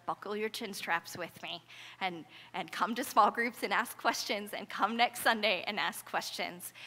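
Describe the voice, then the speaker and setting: A woman pastor preaching an earnest sermon, unhurried and deliberate. Her voice is bright and clear. It rings out in a church sanctuary with a long, lingering reverb. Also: medium pitch. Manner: earnest, conversational preaching with rising intensity in quotes.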